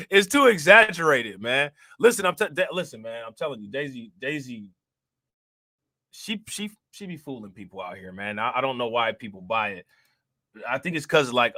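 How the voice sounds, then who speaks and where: A man hosting a casual reaction livestream, talking in loose slang, repeating himself and reading out chat shout-outs. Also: medium pitch, no echo. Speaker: reaction streamer host.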